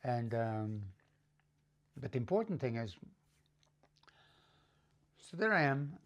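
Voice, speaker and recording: A man's voice: big pitch swings, slow pace. Rambling middle-aged man telling a story. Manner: rambling, with many fillers and restarts; acts out quoted voices, often higher and louder. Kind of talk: casual spoken life story.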